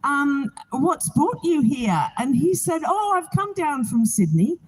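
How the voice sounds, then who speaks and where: A woman's voice: sits high, big pitch swings, slow pace, poor audio. A woman from England, giving an earnest, heartfelt spoken testimony outdoors to a gathering. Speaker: Bible reading organizer.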